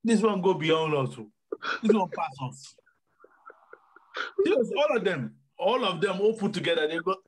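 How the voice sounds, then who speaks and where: A man's voice: high-pitched, lively intonation, normal speed, long pauses, husky, rough recording. A man from Africa co-hosting a podcast, telling stories with emphatic repetition in a casual motivational chat. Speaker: podcast co-host.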